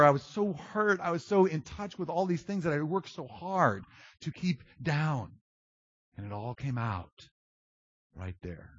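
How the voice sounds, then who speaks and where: A man preaching a sermon, animated and self-described loud, swinging from big outbursts to low confiding tones. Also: dry recording, dull audio. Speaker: pastor.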